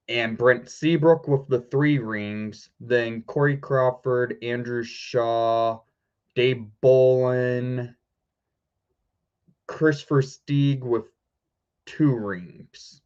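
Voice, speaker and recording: A man joins a casual sports chat, speaking slowly and calmly and mostly keeping his replies short. His voice comes through slightly dull, lo-fi audio. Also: medium pitch, smooth. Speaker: guest co-host.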